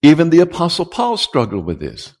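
A male pastor preaching a sermon, who builds to loud call-and-response and draws out key words. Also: fairly high pitch, wildly swooping pitch, fairly quick. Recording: long hall reverb.

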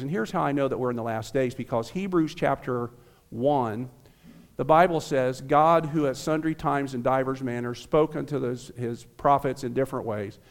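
An American man in his fifties, a visiting pastor, preaching a friendly, earnest sermon to a small church. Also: medium pitch. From United States. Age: 50s. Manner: friendly, joking with the crowd, then earnest preaching.

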